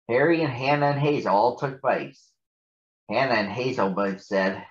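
A man reading a picture book aloud to children in a large arena, slow and deliberate, with lively voices. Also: mid-range voice. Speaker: storybook reader. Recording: muffled, in a large echoey space.

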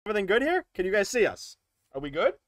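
Excitable teasing man, slightly high voice. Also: fast, dry recording, clean studio sound. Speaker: co-host of card opening stream. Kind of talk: casual stream chat.

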